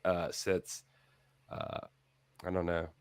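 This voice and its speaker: A man's voice: deep voice, completely flat delivery, slow, smooth, dry recording. A man co-hosting a casual wrestling talk show over a video call, chatting in a loose, rambling way. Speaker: podcast co-host. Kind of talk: casual chat.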